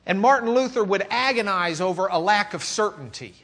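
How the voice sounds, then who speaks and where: A man from Texas with a Texan accent, teaching a church class as a sermon, who swings from loud questioning to quiet confiding, with joking asides and repeated restarts. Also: sits high, expressive, a little fast. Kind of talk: sermon lesson.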